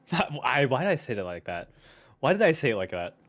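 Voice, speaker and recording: A man's voice: mid-range voice, big pitch swings, normal speed, fairly bright tone. A young man streaming a game live, chatting casually, rambling and stammering with self-mocking jokes.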